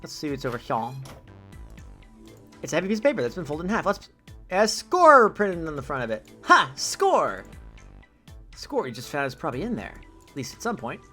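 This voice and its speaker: Casting: young man, casual game streamer, chatty and rambling, voice swinging up and down in pitch. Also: wildly swooping pitch, normal speed, long pauses, bright, forceful tone, faint music behind. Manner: rambling and chatty, many fillers and giggles. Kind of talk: casual let's-play commentary.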